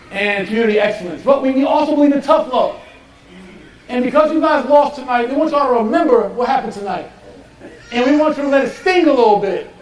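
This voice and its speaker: A man hosts a live game show from a stage, pumping up the crowd with lots of energy. His voice sits very high for a man. The sound rings with the echo of the venue. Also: far from the mic. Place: stage with live studio audience. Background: audience.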